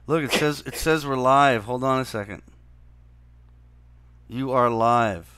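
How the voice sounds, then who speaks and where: A man co-hosting a podcast in casual chat, with a neutral accent, distracted and muttering while he sorts out his streaming software. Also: medium pitch, unhurried, clear, resonant tone, no echo. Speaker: podcast co-host.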